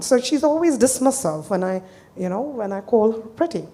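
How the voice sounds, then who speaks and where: A woman therapist presenting a client case to an audience, speaking earnestly and hesitantly, with pauses. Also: a little high, very animated, dark tone.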